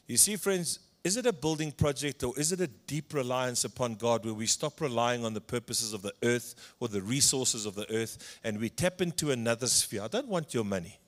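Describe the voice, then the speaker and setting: A middle-aged man from South Africa preaching a sermon, telling personal stories and acting out the dialogue, swinging between loud passages and hushed ones. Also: mid-range voice, lively intonation, fairly quick, few pauses. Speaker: pastor.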